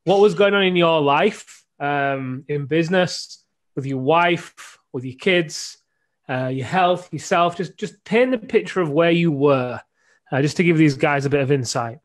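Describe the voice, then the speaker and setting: An English man with a fairly high voice hosts a live coaching stream, chatty and playful. He fills the talk with quick asides and banter. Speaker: men's coach hosting a live show. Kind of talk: casual live-stream interview.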